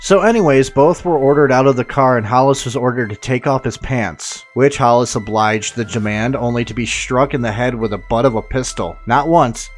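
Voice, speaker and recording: A man's voice: medium pitch, normal speed, hardly any pauses, faint music behind. A man narrating an unsolved murder case in a scripted way, with sarcastic, profane asides. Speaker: true crime narrator.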